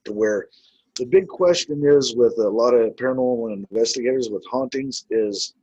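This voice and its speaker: A man's voice: mid-range voice, normal speed, a little mellow, husky, dry recording, dull audio. A man who investigates the paranormal, telling his stories in a casual, rambling way with many filler words. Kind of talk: casual storytelling.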